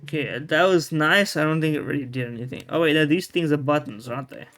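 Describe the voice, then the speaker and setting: A man with a slightly high voice rambles casually through his gameplay. He restarts sentences, tosses in slang and curses freely, and thinks out loud. Quiet game music plays beneath him. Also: quick pace. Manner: rambling, self-interrupting, casual slang and swearing. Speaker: video game streamer. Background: faint game music.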